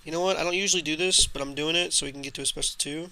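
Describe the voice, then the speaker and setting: Young guy streaming a game, pretty high voice, super bright and sharp, grumbles and swears at the game. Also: steady tone, rapid-fire. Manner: frustrated, swearing, talks to himself and chat. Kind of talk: casual live gameplay commentary.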